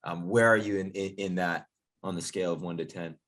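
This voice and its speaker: A man's voice: deep voice, steady tone, brisk, a bit bright. A man as a DJ instructor, leading a casual online workshop in an upbeat, chatty, jokey way over a video call.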